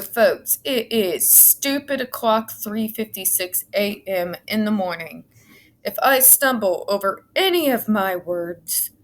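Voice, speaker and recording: A woman vlogger reading from a court report, breaking off for blunt, sarcastic, exasperated asides and frequent swearing. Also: medium pitch. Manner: sarcastic asides between read passages. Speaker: advocacy vlogger.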